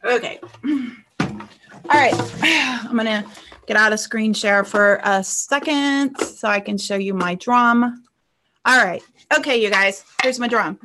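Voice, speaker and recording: Woman life coach, slightly high voice, chatty online class, laughs easily, keeps checking in with her students. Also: slow, noisy background. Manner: chatty, tags nearly every point with "okay?", laughs easily. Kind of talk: casual live online class.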